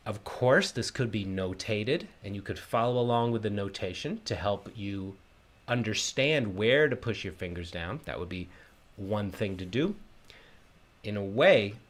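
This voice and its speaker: A man teaching a live online ukulele lesson, explaining patiently step by step and counting the beats aloud. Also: lowish voice. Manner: friendly, greets viewers by name. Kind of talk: livestream music lesson.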